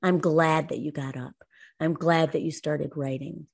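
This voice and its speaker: A woman co-hosting a talk show, telling a personal story in an earnest, lively way. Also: sits low, measured pace, creaky, slightly rough. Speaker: co-host. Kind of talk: casual podcast talk.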